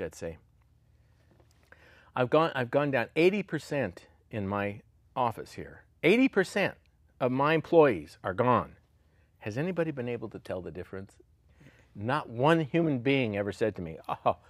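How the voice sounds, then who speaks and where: A man's voice: medium pitch, no room sound. A man in his sixties, a former politician telling stories in an interview, acting out the voices of people he quotes. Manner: animated, acts out quoted voices and laughs often. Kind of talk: storytelling interview.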